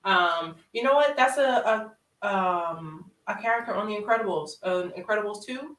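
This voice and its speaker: Expressive woman, roomy and off-mic. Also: mid-range voice, moderate pace, distant mic. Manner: expressive, emphatic reactions. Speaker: podcast co-host. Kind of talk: casual chat.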